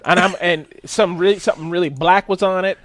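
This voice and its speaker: A man co-hosting a casual podcast, telling a profane, animated story and jumping his voice up for the punchlines. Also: sits high, brisk, dry recording. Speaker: podcast co-host.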